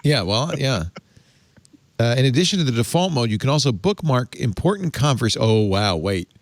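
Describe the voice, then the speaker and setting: A man's voice: mid-range voice, very animated, normal speed, dry recording. A man hosting a tech talk show, reading press text aloud and mocking it with wry asides. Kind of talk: casual panel chat.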